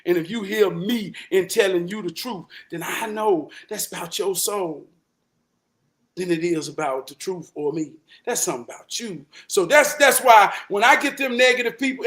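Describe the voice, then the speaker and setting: A man hosting a talk show, telling a real-life story in an emphatic, profane way that climbs into shouting. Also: high voice. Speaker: host.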